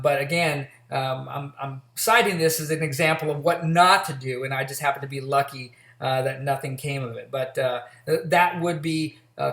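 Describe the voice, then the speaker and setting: Male college instructor, middle-aged, loose anecdotal delivery full of ums, slightly high voice, roomy echo. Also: a bit bright. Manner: casual, storytelling, frequent fillers and restarts. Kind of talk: recorded lecture with a personal anecdote. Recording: echoey room.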